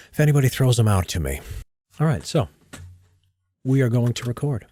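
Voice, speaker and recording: A man with a low, husky voice records history narration, switching between relaxed chatter and steady, animated read-throughs. His pitch moves a lot as he reads. The sound is dry and close to a studio mic. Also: no room sound. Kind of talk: casual live-streamed recording session. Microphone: studio microphone.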